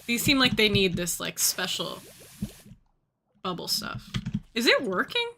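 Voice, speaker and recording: A woman's voice: mid-range voice, sing-song, a little slow, background noise. A young woman streaming a game, chatting casually and rambling with lots of fillers. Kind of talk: casual gaming stream chat.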